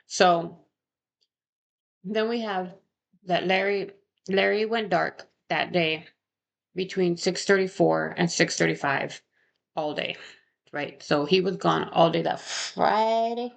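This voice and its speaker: A woman's voice: lowish voice, slow, gravelly, pauses often. A young woman casually talking through a true crime case, rambling and correcting herself, with frequent rhetorical questions. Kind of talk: casual chat.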